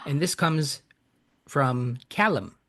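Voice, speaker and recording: A man with an average-pitched voice hosts a casual podcast. He chuckles often and pokes fun at himself. He stumbles and restarts as he reads a listener's email aloud. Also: slow, a bit bright. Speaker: podcast host.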